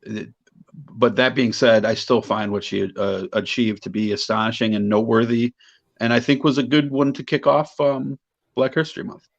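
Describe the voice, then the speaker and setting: A man's voice: medium pitch, fairly even intonation, creaky, dull audio. A man co-hosting a podcast, chatting in a casual debate and picking his words with care as he goes. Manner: measured, searching for words. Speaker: podcast co-host.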